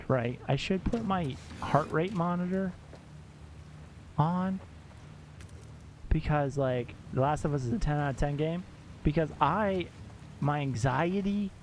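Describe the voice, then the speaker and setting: A man live-streaming a game and chatting casually with viewers, excitable, laughing often and swearing when surprised. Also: fairly high pitch, slight background noise. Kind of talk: casual gameplay commentary to chat. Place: at home.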